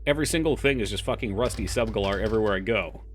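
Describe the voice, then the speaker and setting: A man streams a game live, chatting loosely with his viewers, swearing freely and occasionally reading game files aloud in a flat voice. He talks very fast at a fairly low pitch.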